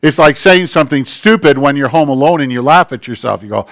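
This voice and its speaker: A man preaching a sermon as pastor, swinging between quiet, hushed passages and slow, emphatic declarations. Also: a little high, expressive. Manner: dynamic, swings from hushed to emphatic, drawn-out phrases.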